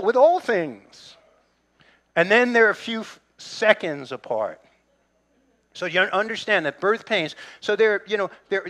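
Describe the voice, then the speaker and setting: A man's voice: high-pitched, fairly bright tone. A middle-aged male pastor preaching a sermon in a conversational way, with humor and asides to the congregation.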